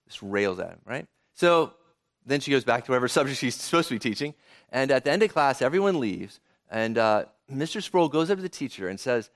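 Animated, conversational male pastor preaching. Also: mid-range voice, a little fast. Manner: conversational, asks frequent rhetorical questions. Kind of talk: sermon.

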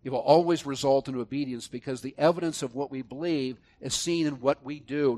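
A man delivers a sermon at a middle pitch. He drops into soft, low-voiced reflection, then rises to loud, emphatic preaching. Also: brisk, hardly any pauses. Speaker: pastor.

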